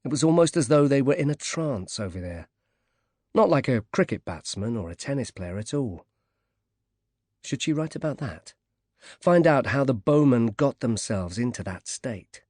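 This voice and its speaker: A man reading a thriller audiobook in a measured, steady narration. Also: mid-range voice, no room sound, clean studio sound. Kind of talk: scripted narration.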